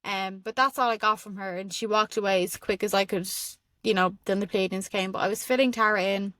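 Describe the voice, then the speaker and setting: A young Irish woman hosting a podcast, telling spiritual stories in an excitable, rambling way with frequent laughs. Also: mid-range voice, a little fast, no echo. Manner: excitable and rambling, laughs often, many fillers. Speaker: podcast host. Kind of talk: casual spiritual storytelling monologue.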